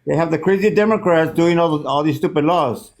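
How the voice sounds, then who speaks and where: A man with a gravelly voice argues politics and refuses to back down. He sounds stubborn and defensive and keeps repeating himself. His pitch sits a bit high for a man. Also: fairly quick, a little hiss or hum, low-quality recording. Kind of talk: heated political debate.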